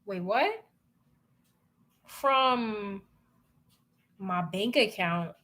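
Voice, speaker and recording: Bright-voiced young woman ranting casually. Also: medium pitch, extremely slow. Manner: animated, profane and exasperated ranting. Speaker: vlogger. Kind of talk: casual chat to viewers.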